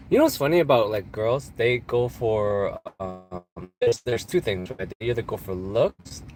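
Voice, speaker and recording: A man's voice: fairly low pitch, a little mellow, a little hiss or hum. Stuffy-nosed man rambling on a livestream. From California. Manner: rambling, joking, laughs often. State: congested from allergies. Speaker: live-stream host answering chat. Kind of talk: casual live-stream chat.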